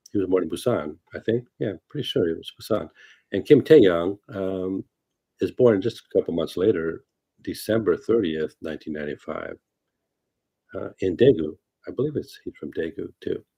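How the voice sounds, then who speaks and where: A man's voice: deep voice, dark tone, breathy edge. A man talking as a fortune teller on a casual livestream, rambling loosely with many fillers and asides. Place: lives in California.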